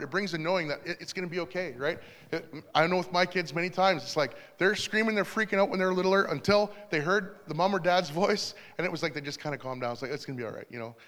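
A middle-aged man gives a sermon in a church, his voice sitting a little high for a man. He talks in a relaxed, conversational way and drops in small asides. The sound carries a long hall reverb. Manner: conversational, warm storytelling with asides. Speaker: pastor.

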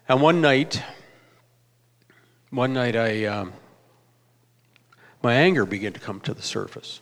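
A middle-pitched man in his fifties, a pastor, shares a personal testimony in the manner of a sermon. He speaks reflectively and haltingly, circling back and restarting his sentences. His voice carries a long reverberant tail, as if recorded in a large hall. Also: animated, fairly bright tone.

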